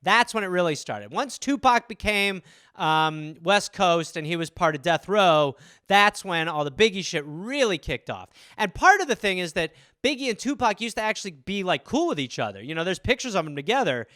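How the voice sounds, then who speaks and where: Bright, rambling male comedy podcaster. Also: high-pitched, animated, normal speed, no room sound, clean studio sound. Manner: rambling, full of "like" and restarts, swearing freely. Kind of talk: casual comedic riffing.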